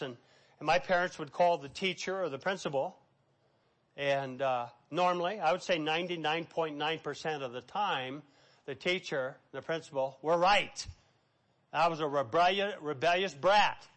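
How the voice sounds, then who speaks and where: A middle-aged male pastor preaching a sermon, emphatic, swinging between loud and hushed. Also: sits high.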